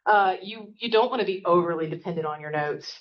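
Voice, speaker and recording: On lo-fi, reverberant audio, a woman with a lowish voice and a Southern accent leads a classroom workshop. The college professor speaks quickly and chattily, keeping it interactive and regularly asking "right?"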